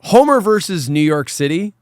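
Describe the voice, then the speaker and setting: A man hosting a casual podcast chat who talks in an animated, ranting, profane way. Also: high-pitched, moderate pace, smooth, dry recording, clean studio sound. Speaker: podcast host.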